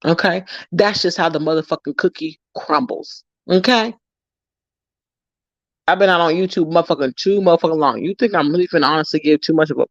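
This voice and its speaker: A woman ranting at her livestream viewers, profane and confrontational and hammering every point. The sound is dull and lo-fi, and dry with no room echo. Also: lowish voice. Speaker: YouTuber livestream host.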